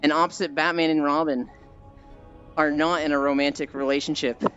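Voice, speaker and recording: A livestreamer walks and chats casually in a clear, resonant, mid-range voice that is fairly bright, level in tone and fairly quick. He rambles through stories with lots of fillers and sighs, and the muffled stream audio carries faint music.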